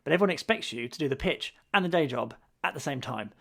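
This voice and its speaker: A man's voice: on the high side, expressive, fast talker, creaky, a bit bright. A man co-hosting a podcast in casual chat, with wry, grumbling humor and frequent restarts. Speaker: podcast co-host.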